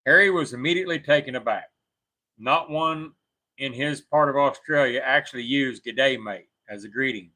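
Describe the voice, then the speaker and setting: A man with a bright, forceful voice reads a creepy story aloud for his co-host. He keeps a steady storytelling pace and stops to fix his own slips as he goes. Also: mid-range voice, moderate pace, rough recording. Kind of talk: reading a scary story aloud on a talk show.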